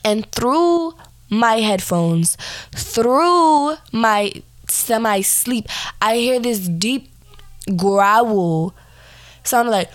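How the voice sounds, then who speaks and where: A young woman hosting a podcast, hoarse and tired as she tells a personal story in a rambling way with lots of fillers and restarts. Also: on the high side, expressive, very slow, no room sound. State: hoarse, recovering voice; tired, yawning.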